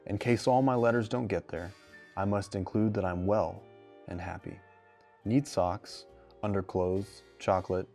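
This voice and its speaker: A man reading wartime letters as a young soldier who writes tenderly to his sweetheart, in a gentle, measured way. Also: low voice.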